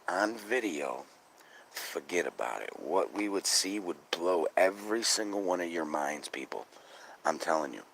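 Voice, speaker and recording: Speaking into a phone mic outdoors, this man hosts a live skywatching stream, chatting with viewers in an extremely low, gravelly voice. He's excitable and swears a lot as he talks to chat, with slight background noise behind him.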